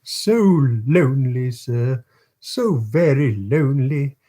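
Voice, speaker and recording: A man voicing a small orphan boy who begs tearfully in a high, pleading voice during a storybook reading. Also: lively intonation, takes it slowly, dark tone. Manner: tearful, begging, high-pitched.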